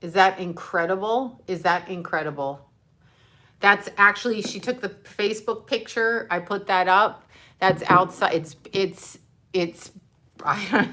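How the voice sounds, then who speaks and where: A woman's voice: fairly low pitch, a little slow, sharp tone. An older woman, a grandmother, chatting casually and emotionally on a livestream, rambling and swearing now and then. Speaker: livestream host.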